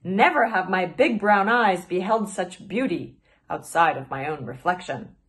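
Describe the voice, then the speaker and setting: A woman voicing a vain, loud-mouthed little male sugar glider with a shrill voice. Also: sing-song, slow pace. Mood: smitten. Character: boastful pint-sized male sugar glider.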